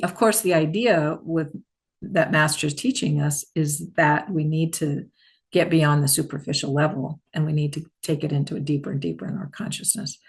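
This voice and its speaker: An older woman, a spiritual teacher, gently answering questions in a satsang talk, rambling with many restarts. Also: sits low, vocal fry.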